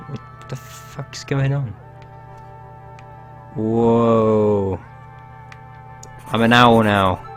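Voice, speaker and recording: Brief: low-voiced guy hosting a let's play, rambling, self-mocking, faint music under him. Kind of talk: casual game commentary.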